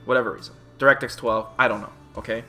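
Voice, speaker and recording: Bright-voiced man ranting a story. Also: medium pitch, quick pace, faint music behind. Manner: animated, profane, exasperated storytelling. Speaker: streamer and YouTuber. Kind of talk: casual storytelling rant.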